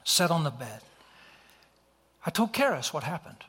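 Middle-aged male preacher, earnest storyteller, fairly high voice, husky. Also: very animated, a little slow, fairly bright tone. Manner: earnest, acts out the dialogue. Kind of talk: sermon storytelling. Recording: long hall reverb.

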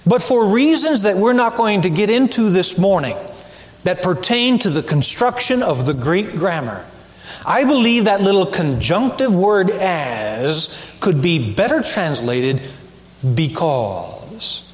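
Male preacher, fairly high and animated voice, emphatic sermon delivery, church hall with a long echo. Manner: emphatic preaching with rhetorical questions and deliberate repetition. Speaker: pastor. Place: church sanctuary.

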